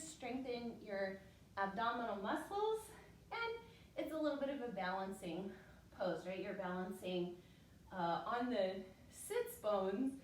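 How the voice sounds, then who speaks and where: Yoga teacher, woman, fairly high voice, slightly winded, calm breath cues; roomy echo, distant mic. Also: slight background noise. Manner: calm step-by-step cueing, breath counts. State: a little out of breath. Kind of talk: guided yoga class cues. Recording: echoey room, mic far off.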